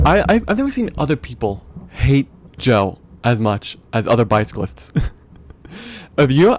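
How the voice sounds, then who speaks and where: A man's voice: mid-range voice, no room sound. A young man hosting a podcast, telling a comic rant in a profane, exasperated way and laughing often. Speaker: podcast host. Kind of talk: comedic storytelling rant.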